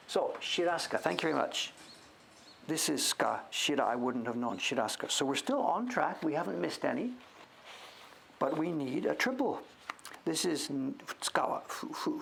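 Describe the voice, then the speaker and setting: A man hosting a casual show-and-tell, thinking aloud as he sounds out names, sometimes dropping to a whisper and breaking into excited praise. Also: a little high, vocal fry, slight background noise. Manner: drops to whispers now and then. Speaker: host.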